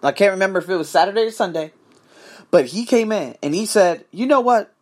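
A man's voice: high-pitched, quick pace, darkish tone. A man hosting his own podcast, ranting in a profane, emphatic solo monologue. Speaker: podcast host.

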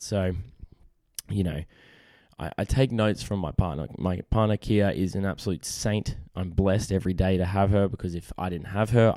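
A young man with a low, mellow voice chats casually on his podcast, rambling and poking fun at himself. The sound is dry and close, with no room echo behind him. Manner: rambling, self-deprecating, lots of "you know". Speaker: podcast host. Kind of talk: casual chat.

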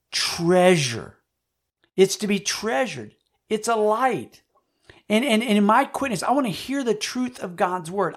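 A man preaching a sermon in an earnest, personal testimony style, repeating words when he presses a point. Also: high voice. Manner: earnest, personal testimony with frequent swings in loudness. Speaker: pastor.

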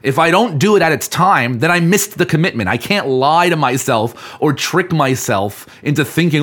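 A man's voice: a little high, lively intonation, moderate pace, few pauses, fairly bright tone, breathy edge. A man hosting a podcast, talking earnestly to the listener in a coaching manner about keeping commitments. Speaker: podcast host. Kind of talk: motivational podcast talk.

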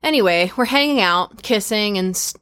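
Young woman, host, casual chat, blunt, crude, lively, mid pitch. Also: moderate pace, clean tone. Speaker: host reading listener stories.

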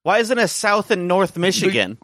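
A podcast co-host in casual chat, asking curious, animated questions. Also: mid-range voice, moderate pace.

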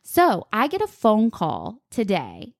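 A woman co-hosting a podcast, telling a story in casual chat and acting out the people she quotes, her pitch jumping high when she gets upset. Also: wildly swooping pitch, slow pace, vocal fry, no echo, studio quality. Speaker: podcast co-host.

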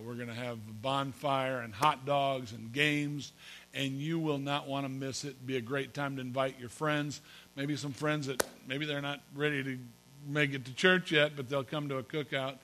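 A man's voice: medium pitch, fairly bright tone, slight background noise. A man preaching a sermon as pastor in a church, folksy and joking, calling on the congregation to respond. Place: church sanctuary.

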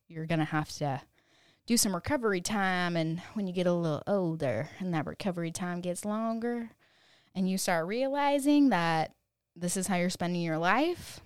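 A woman in her thirties talks through a casual solo podcast, rambling and candid, with "like" and "you know" in nearly every line. Her voice is smooth and a little low. The sound is dry and close, with no room around it. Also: darkish tone, no room sound. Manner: swears freely when quoting her younger self. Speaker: podcast host.

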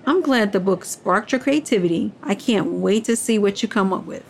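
A woman's voice: mid-range voice, lively intonation, moderate pace, creaky. A woman voicing a kind, encouraging grown-up in a children's story.

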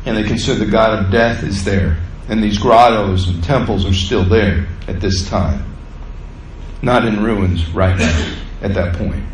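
A man preaching a sermon as pastor, acting out quotes with rising pitch and volume. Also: a little slow, background noise. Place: church sanctuary. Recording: echoey church room, faint ambience.

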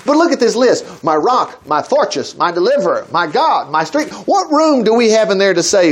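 A man preaching, his voice pitched high and swooping all over as he talks. He reads Bible verses slowly, then breaks off into folksy asides and bursts of praise. His delivery stays lively and expressive throughout. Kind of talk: sermon reading scripture aloud.

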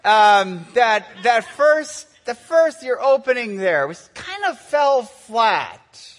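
A man's voice: very high voice, very animated, takes it slowly, a bit bright, voice pushed up, exaggerated voice. A man voicing his fault-finding father, who critiques a sermon in a hesitant, raised voice. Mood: critical.

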